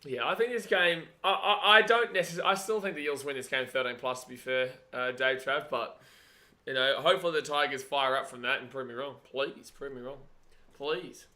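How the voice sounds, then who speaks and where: Bright, excitable man. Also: medium pitch, normal speed. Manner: chatty, excitable, yells at the screen. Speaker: watch-along host. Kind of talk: live match watch-along commentary.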